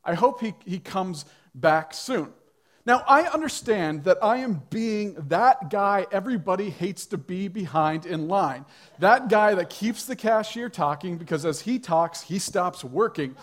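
A man's voice: sits high, expressive, a little slow. A male pastor preaching a sermon to a church congregation, telling a story in a conversational way with light humor.

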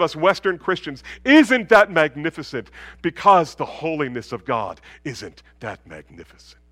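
A man delivers a sermon in a fairly high voice, recorded dry and close. He moves between ringing, emphatic declarations and quiet, almost whispered asides. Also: very animated, unhurried, no room sound. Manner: wide swings from loud proclamation to hushed near-whisper. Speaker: pastor.

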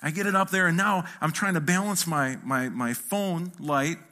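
A man's voice: on the high side, normal speed. A middle-aged man preaching a sermon as a pastor, telling a funny story and acting out the quotes of the people in it. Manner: animated, acts out quotes with a shifting voice.

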